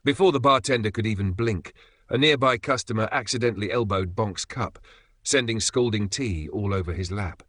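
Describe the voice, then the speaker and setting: A man giving brisk, dry scripted comic narration. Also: on the low side, fairly bright tone, no echo.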